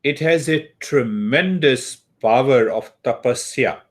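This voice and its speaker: A man teaching meditation slowly and calmly, with long pauses and Sanskrit terms. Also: mid-range voice. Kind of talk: spiritual teaching talk.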